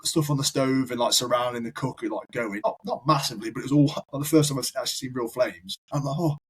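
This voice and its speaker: A man's voice: medium pitch, quick pace, slightly rough, poor audio. A man, a firefighter guest on a podcast, telling long rambling anecdotes in casual chat. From United Kingdom. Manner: rambling anecdotal storyteller, repeats words.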